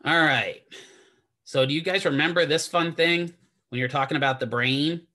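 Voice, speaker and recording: A man's voice: fairly high pitch, normal speed, sharp tone. A man teaching a classroom lecture in a chatty, digressive way, often asking the students questions. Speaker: physical therapy instructor.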